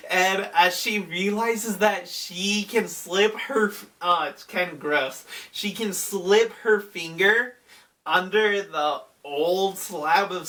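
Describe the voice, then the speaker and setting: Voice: medium pitch, bright, forceful tone, recorded from a distance. A video reviewer giving a casual, chatty recap of a horror episode, with plenty of fillers.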